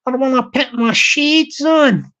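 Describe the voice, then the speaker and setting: A man's voice: very high-pitched, slow, pushed and bright, dull audio, heavily acted. A man putting on a Glaswegian accent to voice a vain woman admiring herself in a mirror. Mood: preening. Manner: self-admiring, sing-song.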